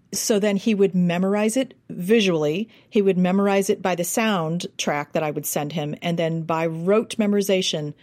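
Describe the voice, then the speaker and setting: An American woman, a dialect coach, telling stories in an interview and acting out accents as she goes. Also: medium pitch. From United States. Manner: animated, demonstrates accents and sounds. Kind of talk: interview guest, casual storytelling.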